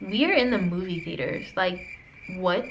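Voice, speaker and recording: A young woman vlogger telling a dating story in lively, slangy storytime style. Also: on the low side, normal speed, a little hiss or hum. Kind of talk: storytime vlog.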